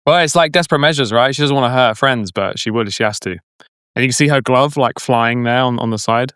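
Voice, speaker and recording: A man's voice: medium pitch, a little fast, fairly bright tone, clean tone, dry recording, clean studio sound. A man co-hosting a podcast, chatting casually and eagerly explaining details of a tabletop game. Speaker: podcast co-host.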